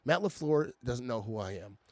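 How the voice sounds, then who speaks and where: A man's voice: medium pitch, expressive, normal speed, dry recording. A man in a casual, irritated fan rant about his team, stammering and restarting often. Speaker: sports fan vlogger.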